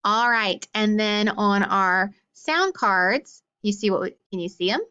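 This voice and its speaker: A woman teaching a phonics lesson, slowly sounding out words and praising often. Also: medium pitch, lively intonation, pushed and bright, clear, resonant tone, muffled recording. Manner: encouraging, slow sounding-out of words.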